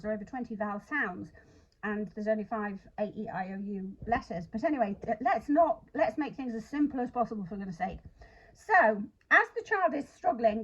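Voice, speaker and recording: Speaking to camera in a fairly high voice, a woman who teaches literacy walks through a spelling routine, chatty and self-deprecating, sounding out the parts of words. The audio is dull.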